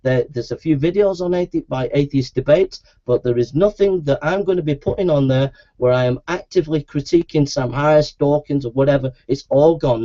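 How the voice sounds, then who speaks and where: A Christian preacher and video maker speaks straight into his webcam, delivering a heated, aggrieved monologue that keeps circling back, repetitive and insistent. His voice is fairly high with a dark tone, captured in dull lo-fi webcam audio.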